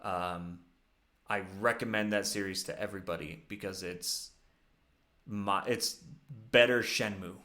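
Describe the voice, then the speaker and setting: Podcast co-host, adult man, low voice, loose rambling delivery with lots of ums. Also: measured pace, sharp tone. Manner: rambling, lots of fillers and restarts. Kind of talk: casual chat.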